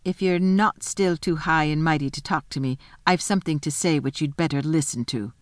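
A woman reading a storybook voices a sulky, suspicious younger boy who talks in low doubting tones. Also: normal speed, no echo, natural voice.

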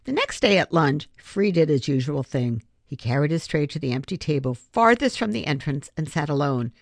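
A woman reads a children's chapter book aloud in a low voice. Her delivery is expressive, with lively rises and falls of pitch. The recording is dry and close. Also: normal speed, vocal fry, no room sound. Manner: expressive, storytelling. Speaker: reader.

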